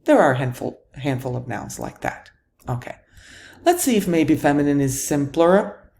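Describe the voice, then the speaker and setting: Low, mellow-voiced woman teaching grammar. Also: animated, normal speed, gravelly. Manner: patient, questions and answers herself. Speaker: Italian teacher. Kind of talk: explanatory grammar lesson.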